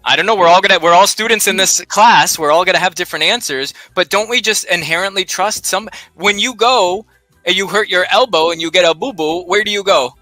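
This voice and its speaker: A man's voice: sits high, fairly quick, pushed and bright, faint music behind. A man co-hosting a live library research show, talking casually and animatedly, throwing rhetorical questions and jokes at the audience. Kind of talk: casual live instructional chat.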